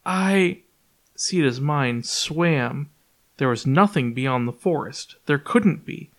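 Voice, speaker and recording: A man reading his own story aloud as a podcast narrator in a clear, even storytelling manner. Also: on the high side. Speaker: author and podcast reader. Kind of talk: audiobook narration.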